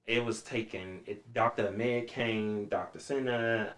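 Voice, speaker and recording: A man telling his story as a podcast guest, animated and acting out other people's voices. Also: fairly low pitch, a little slow. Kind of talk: casual storytelling.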